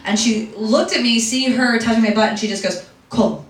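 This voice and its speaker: A young woman from Philadelphia telling a stand-up story in a chatty, self-deprecating way, with quick asides. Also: on the high side, fairly even intonation, a crowd in the background. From Philadelphia, USA. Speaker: stand-up comedian. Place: comedy club stage. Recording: echoey room, distant mic, audience laughter.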